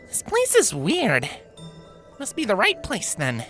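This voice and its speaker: A woman's voice: a little high, sharp tone, heavily acted. A woman voicing a boastful, showy female unicorn mare in a fanfiction reading, who talks about herself in the third person and exclaims dramatically.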